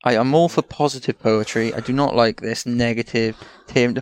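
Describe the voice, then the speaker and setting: A Welsh man co-hosts a podcast in loose, sweary chat, rambling through his stories. His voice sits at an ordinary middle pitch. The sound is dry and close to the mic. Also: steady tone, normal speed, clean tone, dry recording. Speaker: podcast co-host. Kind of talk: casual tipsy chat.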